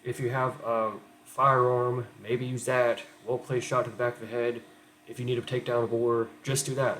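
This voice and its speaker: A man's voice: medium pitch, a bit bright, slight background noise, rough recording. Man in a middle register, heated, profane rant. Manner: heated, profane, repetitive "okay?". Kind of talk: angry rant.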